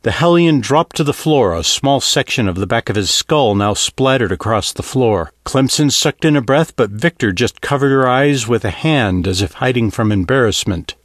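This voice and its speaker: A male audiobook narrator with a lively, roaming pitch, telling the story expressively and with steady care. The sound is dry and close, with no room around it. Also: moderate pace, hardly any pauses, dry recording.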